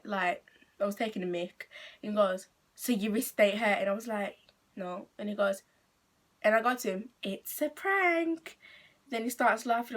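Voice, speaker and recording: Teen English girl for casual vlog storytime; chatty, rambling, unpolished delivery. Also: mid-range voice. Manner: chatty, rambling, full of "like" and restarts. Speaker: vlogger.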